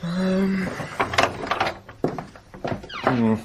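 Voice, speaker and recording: Flustered posh young gent, lively swoopy voice, noisy radio comedy. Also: male voice, sits high, extremely slow, full character voice. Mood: chatty. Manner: flustered, exclamatory, chatty. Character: affable, flustered young male English gentleman. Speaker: bumbling young gentleman.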